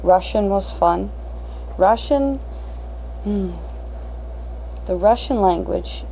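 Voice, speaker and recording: A woman's voice: medium pitch, lively intonation, takes it slowly, warm tone, a little hiss or hum, poor audio. A woman in her thirties hosting an unscripted solo podcast, crass and blunt, swearing freely and mocking herself. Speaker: podcast host.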